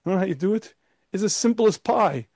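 A rabbi gives a Torah lecture, emphatic and packed with rhetorical questions, talking quickly with lively intonation. His slightly high voice is mellow and soft-edged, and he sometimes adopts a pompous, arrogant voice to make a point. The recording is dry and close with no room sound.

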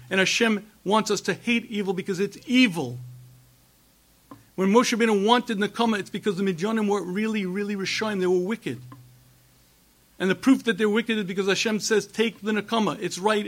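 A middle-aged man giving an impassioned religious lecture, emphatic and repetitive, with rhetorical questions and frequent throat-clearing. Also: high-pitched, brisk. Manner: emphatic, rhetorical questions, repeats phrases for force. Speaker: rabbi giving a talk.

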